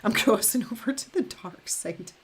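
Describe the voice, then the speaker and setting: A woman's voice: a little high, lively intonation, moderate pace, a little hiss or hum. A young woman chatting in a rambling, self-deprecating way while she paints on a live stream, laughing often. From Scotland. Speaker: art streamer.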